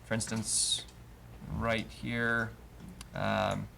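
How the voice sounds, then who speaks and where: A man leads a live study class, patient and methodical, with plenty of ums. His voice is low and gravelly. The stream recording has a faint hiss. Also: flat delivery, very slow, pushed and bright. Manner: patient, explains step by step, many "um"s. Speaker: Hebrew teacher. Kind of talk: live Bible language class. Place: congregation classroom.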